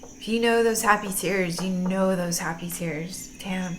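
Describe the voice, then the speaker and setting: A woman's voice: lowish voice, a little slow, a bit bright, slight background noise. A woman giving a casual tarot reading, gushing and teary-eyed, laughing often and using slang. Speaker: tarot reader.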